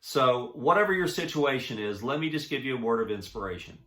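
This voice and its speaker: A man giving a personal inspirational talk. He speaks earnestly and haltingly, restarting often, and swings between soft and emphatic. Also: mid-range voice, expressive, roomy sound. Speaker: motivational speaker.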